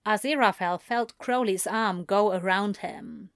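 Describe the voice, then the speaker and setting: Slow, soft-spoken woman reading a story. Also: mid-range voice, dry recording, clean studio sound. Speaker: reader. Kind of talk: reading fan fiction aloud.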